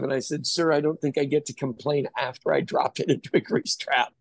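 A man's voice: mid-range voice, steady tone, brisk, vocal fry, no room sound. A man, a chef, telling candid, self-deprecating stories in a casual podcast chat. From Kansas City area, USA.

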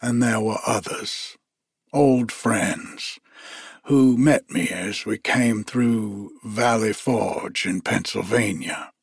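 A man voicing a white-haired old male soldier with a soft, hushed, courteous way of speaking. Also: lowish voice, slow, slightly rough, dry recording, studio quality, heavily acted. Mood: earnest.

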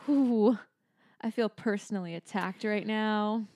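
Woman co-host, smooth mid voice, dry close sound, open and confiding. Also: mid-range voice, unhurried, darkish tone, dry recording. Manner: candid, confiding, filler-heavy talk. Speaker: podcast co-host. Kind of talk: casual chat.

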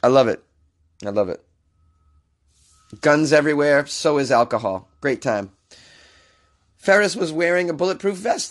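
A man hosting a podcast with a hoarse, sick voice, riffing sarcastically and with exasperation on weird news stories. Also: a little high, normal speed, long pauses. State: hoarse from illness. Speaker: podcast host. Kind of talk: comedic weird-news commentary.

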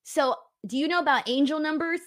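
A woman's voice: sits high, fairly quick, a bit bright. A woman hosting a casual show, chatty and earnest, laughing often as she tells stories. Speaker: podcast host. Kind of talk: casual chat.

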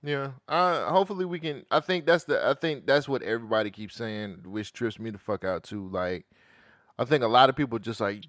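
A man co-hosting a podcast in casual chat, slangy and animated, with frequent profanity. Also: medium pitch, a little fast, no room sound, studio quality. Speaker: podcast co-host.

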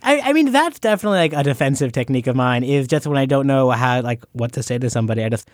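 A hesitant man talks through an awkward memory as a guest, stammering and restarting his sentences. His pitch swings around a lot as he talks. The studio sound is dry and close. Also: animated, quick pace, dry recording. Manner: hesitant, stammering, self-deprecating. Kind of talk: casual interview conversation.

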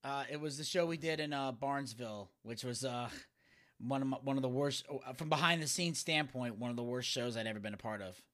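A man's voice: medium pitch, fairly quick, fairly bright tone. A man co-hosting a podcast, chatting casually and telling rambling stories with lots of fillers. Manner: rambling storyteller, drops into cartoon impressions. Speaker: podcast co-host. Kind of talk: casual chat.

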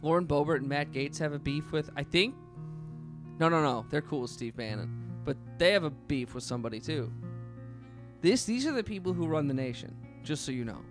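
Young guy, podcast co-host, higher-pitched, wry sarcastic banter, faint guitar behind. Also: lively intonation, a little fast. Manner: joking, sarcastic, laughs often. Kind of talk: casual chat. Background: faint guitar playing.

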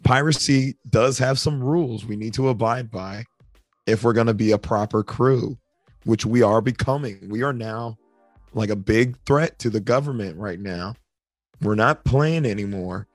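A man co-hosting a podcast, casually retelling story scenes and acting out character lines in high voices. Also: normal speed, no echo, clean studio sound, soft background music. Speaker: podcast co-host.

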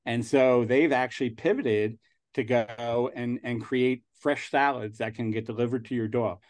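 A man in his sixties, New York accent, talks as an angel investor guest in a mid-range, slightly mellow voice at a measured pace. The conversation is casual, and he rambles with many restarts.

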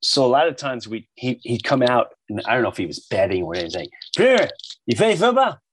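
A man's voice: on the low side, fast, husky, no room sound. A man in his fifties from New York, animatedly telling comedy stories in a casual chat. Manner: animated, doing voices of people in his stories.

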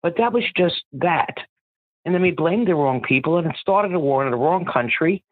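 A man's voice: on the high side, animated, normal speed, no echo. Impassioned man ranting over a phone line. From Ireland. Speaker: caller. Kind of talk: phoned-in political rant.

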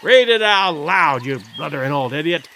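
A man's voice: on the high side, quick pace, a bit bright, a faint crowd, a little hiss or hum, lightly acted. A man voicing a coarse, cowardly sailor who growls his lines in a storybook reading. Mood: surly. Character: rough, cowardly rat-faced male sailor.

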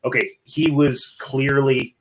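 A man talking in a casual, profane, excitable way on a podcast, telling stories with lots of swearing. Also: medium pitch, slow. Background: baby crying in another room.

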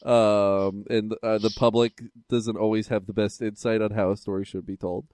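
A man's voice: on the low side, little pitch movement, normal speed, darkish tone, clean tone, no room sound. A man co-hosting a podcast in casual chat, rambling and joking with many fillers. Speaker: podcast co-host.

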